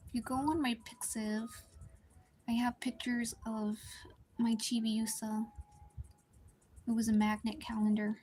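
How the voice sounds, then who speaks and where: A young woman chatting casually on a live art stream, talking quietly and rambling with many likes and restarts. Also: little pitch movement, unhurried, pauses often. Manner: speaks quietly at low volume, partly whispering. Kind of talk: casual live-stream chat while drawing.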